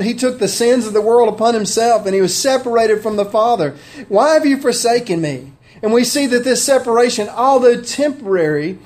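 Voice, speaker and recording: A man's voice: high voice, darkish tone. A man preaching a sermon, conversational and heartfelt, often asking his listeners questions. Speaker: pastor.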